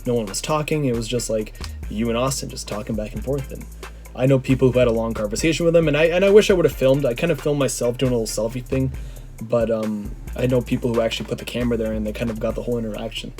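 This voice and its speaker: Casual vlogger, male, quick rambling delivery, mellow slightly hoarse tone, faint music behind. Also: medium pitch. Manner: rambling, many "like" fillers. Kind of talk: casual storytelling.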